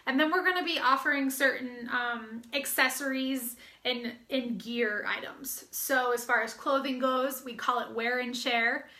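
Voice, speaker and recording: A woman's voice: high voice, unhurried, few pauses, sharp tone, reverberant. An American woman coach giving an upbeat, chatty promotional talk, slightly out of breath, with fillers and restarts. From United States. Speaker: fitness business coach.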